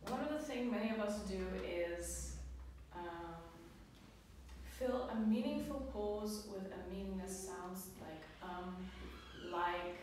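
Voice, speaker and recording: A woman's voice: mid-range voice, slow, a little mellow. A young woman giving a student class presentation, reading her points with frequent fillers. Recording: echoey room, far off, with background noise.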